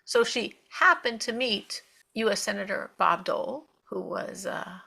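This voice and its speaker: A woman hosting a talk, telling a story in an animated, expressive way. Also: mid-range voice, measured pace, gravelly, slightly rough. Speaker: host.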